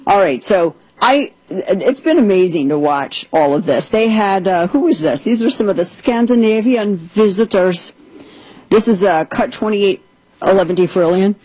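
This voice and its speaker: A woman's voice: medium pitch, animated, moderate pace, a little mellow, breathy edge, dry recording, poor audio. A woman podcast host giving a casual commentary monologue, chatty and full of sarcastic asides.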